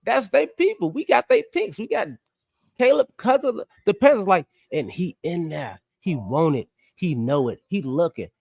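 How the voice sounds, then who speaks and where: A man co-hosting a sports podcast, ranting excitably and swinging between loud outbursts and quiet asides. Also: high voice, moderate pace, gravelly, dry recording, clean studio sound. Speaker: podcast co-host. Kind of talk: animated sports podcast chat.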